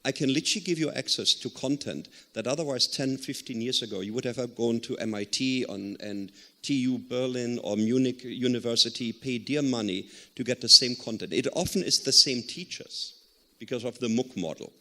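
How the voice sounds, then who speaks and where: A man's voice: medium pitch, moderate pace, pushed and bright. A man answering as a panelist, telling a story earnestly with some hesitant fillers. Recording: long hall reverb.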